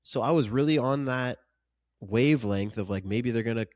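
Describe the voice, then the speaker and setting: A man's voice: mid-range voice, moderate pace, a little mellow, no room sound, studio quality. A man co-hosting a podcast, chatting casually about a film in an earnest, emphatic way and often stumbling over repeated words. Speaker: podcast co-host. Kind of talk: casual film review chat.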